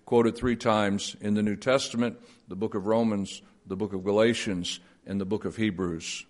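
A man preaching a sermon and praying, rising to emphatic peaks and dropping low and slow, chuckling at his own playful phrasing. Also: fairly even intonation, a little mellow. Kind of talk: sermon with closing prayer.

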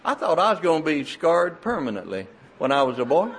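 An older man preaching a sermon, telling folksy stories in an animated, emphatic way. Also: fairly high pitch, a little fast, husky.

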